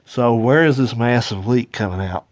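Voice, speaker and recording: A man's voice: mid-range voice, moderate pace, slight background noise. A man, talking folksy and explaining a car repair while filming it on a handheld phone outdoors. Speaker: mechanic, channel host. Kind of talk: hands-on repair demonstration. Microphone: handheld phone camera.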